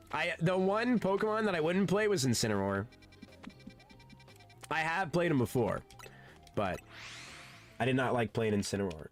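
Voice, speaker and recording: A man's voice: a little high, very animated, a little slow, long pauses, soft background music. A man streaming a game and chatting casually, rambling and laid-back, often saying "dude" and swearing. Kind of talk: casual gaming stream chat.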